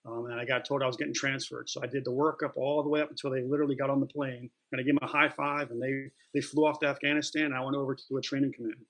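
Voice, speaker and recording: A man's voice: mid-range voice, flat delivery, very fast, few pauses, a bit bright, poor audio. A middle-aged man, an interview guest, telling stories in a plain-spoken, loose way with many fillers and restarts. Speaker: interview guest, retired Marine. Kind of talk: casual storytelling.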